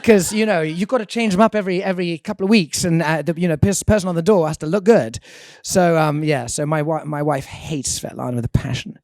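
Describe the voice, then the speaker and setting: An Englishman with an English accent chats as a studio interview guest, telling stories with dry, self-deprecating humor. His voice sits a little higher than most men's. The recording is dry and close, with no room echo. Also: brisk, few pauses, darkish tone. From England. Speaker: guest singer-songwriter. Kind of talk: casual interview chat.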